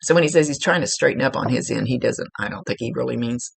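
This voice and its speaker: A woman's voice: very deep voice, fast, gravelly, a little hiss or hum. A woman working as a psychic medium, giving a spirit reading to a client in a rambling way, searching for words and restarting her sentences.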